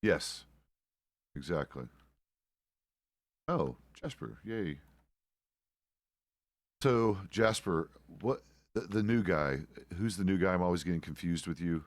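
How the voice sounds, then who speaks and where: Low-voiced middle-aged male streamer. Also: animated, takes it slowly, long pauses, no echo. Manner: rambling, self-correcting, casual swearing. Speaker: streamer playing a deputy. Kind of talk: casual roleplay stream chat.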